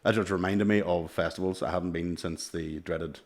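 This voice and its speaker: A middle-aged man co-hosting a casual chat podcast, with a low voice. He tells long stories full of swearing and keeps breaking into laughter. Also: fairly even intonation, moderate pace. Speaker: podcast co-host.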